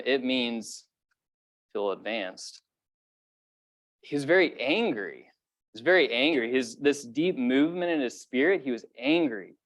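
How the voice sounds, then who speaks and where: A young adult man preaching a sermon in a casual, conversational way, full of fillers and rising when he stresses a point. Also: medium pitch. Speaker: pastor.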